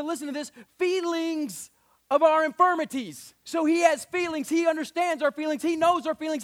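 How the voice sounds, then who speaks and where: A pastor delivers a sermon in a strikingly high voice for a man. He swings from hushed, intimate lines to loud, ringing ones and laughs often between points. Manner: laughs often while speaking.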